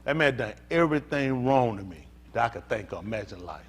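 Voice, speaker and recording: A man preaching a sermon as pastor, swinging from hushed talk to shouting. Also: mid-range voice, animated, a little fast, breathy edge.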